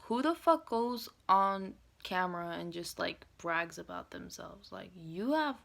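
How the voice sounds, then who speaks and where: In a creaky, lowish voice at a measured pace, a woman rants through a monologue full of fillers and swearing. Her intonation is lively as she shifts between loud blasts and quiet, whispered asides.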